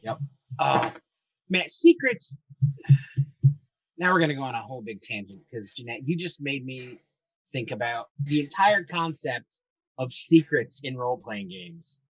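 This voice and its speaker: A man's voice: medium pitch, expressive, a little slow, pauses often, fairly bright tone, no echo, distant mic, low-quality recording. A man chatting casually about tabletop role-playing, rambling and enthusiastic, swearing freely as he tells stories. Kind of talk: casual chat.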